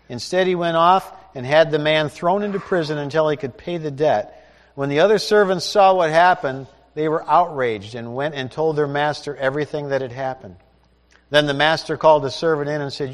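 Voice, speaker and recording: A man's voice: fairly high pitch, moderate pace. A man preaching a sermon, reading scripture aloud and explaining it in a conversational way. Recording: long hall reverb.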